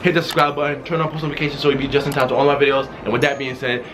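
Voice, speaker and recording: A young man telling a casual storytime vlog, excited and rambling, restarting his sentences often. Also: mid-range voice, very fast, over music. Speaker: vlogger. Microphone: wearing a mask while talking.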